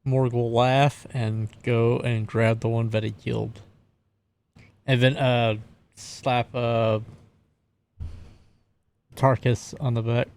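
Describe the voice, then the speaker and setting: A man playing a tabletop game, slowly describing what his character does. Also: mid-range voice, level tone, gravelly, darkish tone. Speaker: player. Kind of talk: casual tabletop play.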